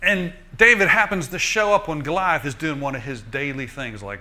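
Lively male preacher, folksy, joking, bright tone. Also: on the high side, normal speed. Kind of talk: sermon.

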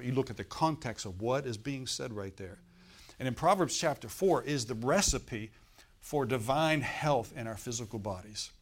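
A middle-aged man with a medium-pitched voice preaches a sermon as a pastor. His style is conversational, and he poses rhetorical questions to his congregation.

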